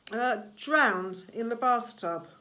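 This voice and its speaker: A woman's voice: a little high, lively intonation, slow, bright, forceful tone, heavily acted. A woman voicing a nervous, hesitant teenage satyr boy.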